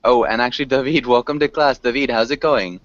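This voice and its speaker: A man's voice: medium pitch, fairly even intonation, brisk, no room sound, lo-fi sound. A man teaching an English class online, patiently correcting pronunciation with frequent ums.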